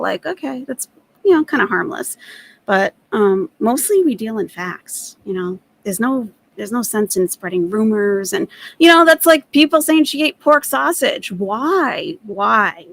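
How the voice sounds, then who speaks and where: Firm, earnest woman with a gravelly edge. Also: medium pitch, low-quality recording. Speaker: commentary channel host. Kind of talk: commentary addressing chat.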